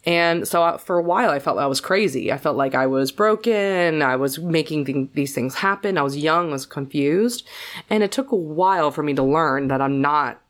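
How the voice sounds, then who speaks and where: A woman telling a painful personal story in a casual podcast chat, with many fillers and restarts. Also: normal speed. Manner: jumps to a much higher, more animated voice when quoting people.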